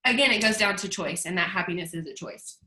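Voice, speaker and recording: A woman's voice: lowish voice, animated, quick pace, sharp tone. A woman in her thirties giving a chatty, emphatic motivational book talk to her team. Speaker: team leader. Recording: echoey room.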